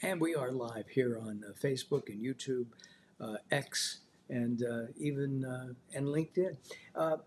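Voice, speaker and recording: A man hosting a live cooking show, chatting loosely with many filler pauses. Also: mid-range voice.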